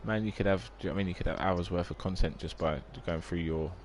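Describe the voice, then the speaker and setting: A man's voice: deep voice, fast talker, a little mellow, a little hiss or hum. A man, chatting casually on a live game stream, rambling and reading out viewer comments.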